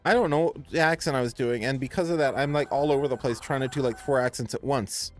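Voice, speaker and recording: A man's voice: medium pitch, fast talker, few pauses, faint music behind. A man casually commenting on his own gameplay in a chatty, self-deprecating way. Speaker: game streamer.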